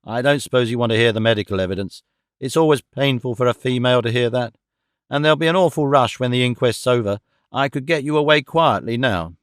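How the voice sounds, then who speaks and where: A man's voice: mid-range voice, fast talker, clear, resonant tone, dry recording, clean studio sound, lightly acted. A man voicing a good-natured middle-aged police inspector who talks in a blunt, homely, colloquial way. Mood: kindly.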